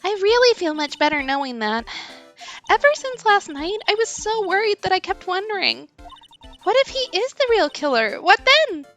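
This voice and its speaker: A woman voicing an excitable, sweet eight-year-old girl in a let's-play fan dub, high and breathless and stammering when upset. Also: normal speed, soft background music, full character voice. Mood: worried.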